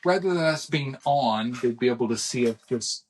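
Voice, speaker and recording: A middle-aged man co-hosting a podcast in casual chat, an animated storyteller who acts out voices and laughs often. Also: mid-range voice, normal speed, slight background noise. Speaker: podcast co-host.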